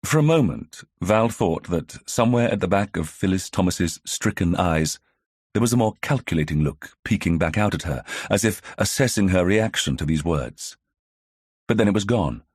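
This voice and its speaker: A man narrating an audiobook in a measured, even storytelling manner. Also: low voice, breathy edge, no echo, studio quality. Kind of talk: scripted narration.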